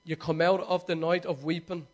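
High-voiced fervent male pastor. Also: level tone, normal speed. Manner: fervent, repetitive, swings from hushed prayer to loud exhortation. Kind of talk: sermon with prayer.

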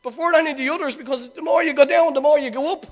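High-voiced man preaching a lively sermon. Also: very fast. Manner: animated, repeats and restarts, swells to shouts. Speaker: pastor.

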